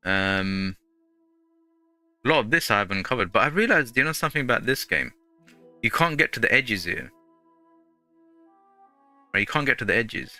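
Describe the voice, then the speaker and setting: A man's voice: medium pitch, lively intonation, moderate pace, long pauses, sharp tone, no echo, soft background music. A man hosting a gaming channel, chatting casually through gameplay in a rambling way full of fillers.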